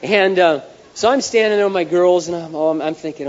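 Male pastor, lively storytelling sermon, slightly high voice, dull echoey hall, faint hiss. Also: brisk. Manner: animated storytelling, numbered points.

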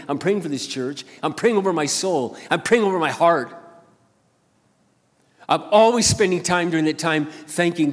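Older male pastor, animated and higher-pitched, alternating punchy emphasis with hushed confiding asides, in a reverberant sanctuary. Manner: swings between loud emphatic bursts and quiet intimate asides. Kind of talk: sermon. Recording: long hall reverb.

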